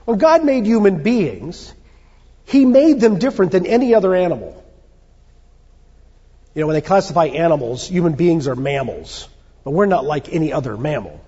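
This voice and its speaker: A man preaches to a congregation in a conversational way, asking questions and pausing on fillers. His voice is mellow and a little husky, with a lively rise and fall. The recording is dull and carries the long reverb of a large hall. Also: high voice. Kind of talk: sermon to a congregation. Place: church hall.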